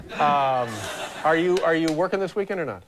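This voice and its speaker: A man's voice: a little high, noisy background. A man hosting a late-night talk show, chatting with a guest and tossing in wry asides. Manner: interjecting, quick asides, wry. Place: television studio with audience.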